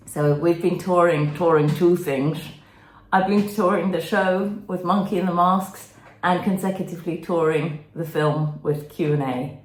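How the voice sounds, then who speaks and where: A woman hosting a comedy podcast, chatting with her puppet in a coaxing, gently teasing way. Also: fairly low pitch, unhurried. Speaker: ventriloquist podcast host. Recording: echoey room.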